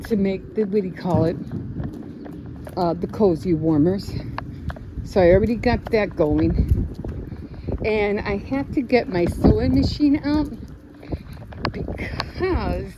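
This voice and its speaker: A woman from the Chicago area vlogging casually on a walk with her dog, rambling and searching for words with lots of fillers. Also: medium pitch. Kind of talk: casual vlog chat while walking. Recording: noisy outdoor phone recording.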